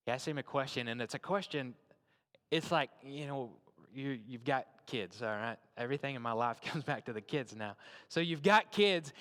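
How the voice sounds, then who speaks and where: A man's voice: on the high side, a bit bright, long reverb tail. A man preaching a sermon in a conversational way, often checking in with his listeners. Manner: conversational, repeats and checks in with "right?". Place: church.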